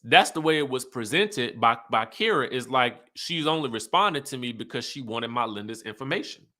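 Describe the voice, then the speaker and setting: A man hosting an online show, recapping in animated, chatty talk with emphatic asides. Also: medium pitch. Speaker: YouTube host recapping reality TV. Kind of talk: casual chat.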